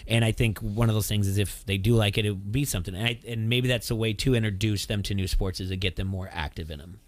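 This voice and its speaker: A man's voice: lowish voice, fast. A middle-aged man from Iowa hosting a radio sports talk show, telling long rambling stories and acting out the voices of people he quotes. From Iowa, USA. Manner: rambling, animated storyteller who acts out quoted voices.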